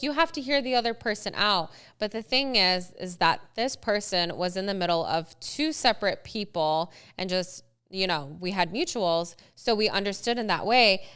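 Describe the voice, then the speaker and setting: A young woman co-hosting a podcast, telling a story in a casual, animated way, acting out quotes and saying "like" a lot. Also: mid-range voice, clean tone. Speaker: podcast co-host. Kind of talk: casual chat.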